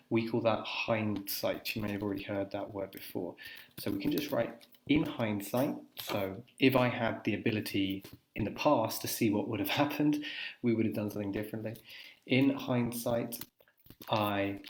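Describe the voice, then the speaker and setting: A man teaching English, thinking aloud and dictating phrases slowly as he writes a letter on screen. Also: fairly low pitch, creaky. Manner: talks while typing, dictating phrases slowly. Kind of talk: live writing demonstration, thinking aloud. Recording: echoey room with faint noise. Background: keyboard typing.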